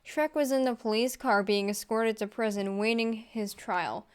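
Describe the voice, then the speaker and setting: A woman's voice: a little high, normal speed, clear, resonant tone. Giggly woman reading fan fiction aloud. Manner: giggly, with deadpan asides. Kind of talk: comedic read-aloud storytelling.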